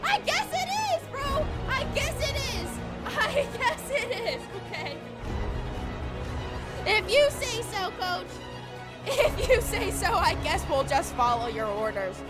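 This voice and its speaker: A woman's voice: very high-pitched, big pitch swings, slow, loud music behind the voice. A young woman streamer recapping a game to her chat, telling the story with mock outrage, laughter and swearing.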